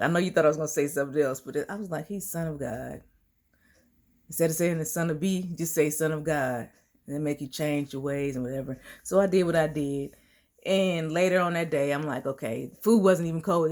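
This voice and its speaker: A woman's voice: deep voice, a little fast, darkish tone. A woman vlogging to her viewers in a casual, slangy, storytelling way, laughing often.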